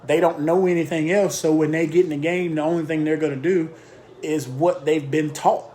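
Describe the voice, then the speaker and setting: A man with a slightly high-pitched voice talks shop as a basketball coach. He hammers his points home in short, punchy phrases and rattles off lists of instructions, repeating them for emphasis. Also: steady tone, normal speed, dark tone. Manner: emphatic, repetitive drill-style lists. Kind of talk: casual coaching talk.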